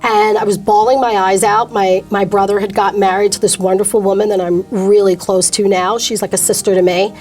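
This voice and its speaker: A woman's voice: mid-range voice, flat delivery, brisk, few pauses, darkish tone, soft background music. A middle-aged woman, a guest on an interview show, telling her personal faith story candidly and emotionally.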